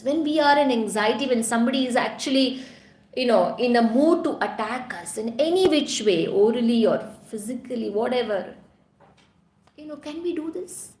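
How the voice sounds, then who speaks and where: Brief: lively female scripture teacher, fairly high voice, echoey room. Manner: animated storyteller, frequent "you know". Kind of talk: storytelling scripture class.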